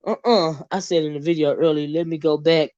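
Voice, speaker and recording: A woman's voice: low voice, fairly even intonation, brisk, warm tone, no room sound, lo-fi sound. A woman, chatting casually to her viewers, talkative and laughing often. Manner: chatty, laughs a lot, drawls "child" and "y'all". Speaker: vlogger.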